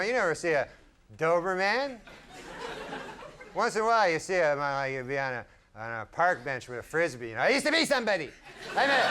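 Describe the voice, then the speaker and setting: A male stand-up comedian with an offhand, rambling, deadpan delivery, performing before a live audience. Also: on the high side. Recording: loud audience laughter and room noise.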